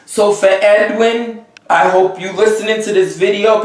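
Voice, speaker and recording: Emphatic high-voiced man in an echoey room. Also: recorded from a distance. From Haiti. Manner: emphatic and exasperated, often checking in with "okay?" and "you see?". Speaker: Vodou priest giving advice. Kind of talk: unscripted advice monologue. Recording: very echoey room, voice away from the mic.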